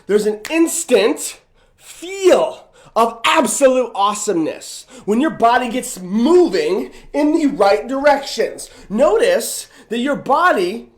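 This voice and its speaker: Hyped up guy running a motivation livestream, pretty high voice, chanting and hollering at viewers. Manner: energetic, hype, repetitive chants, leads viewers in movement.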